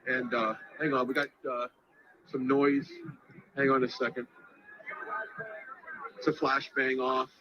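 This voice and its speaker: A man reporting live from a crowd outdoors, talking in halting, breathless bursts as he reacts on the spot. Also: medium pitch, flat delivery, lo-fi sound. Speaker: field reporter. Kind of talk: live on-scene news commentary. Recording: noisy outdoor crowd recording.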